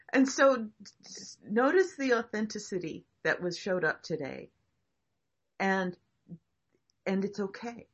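A woman facilitating a group discussion, reflective and encouraging, talking in halting restarts. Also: mid-range voice, highs cut off.

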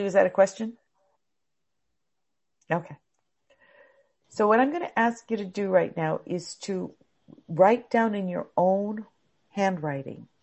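A middle-aged woman teaching a class on calming anxiety, explaining step by step and acting out anxious thoughts. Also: medium pitch, gravelly, breathy edge.

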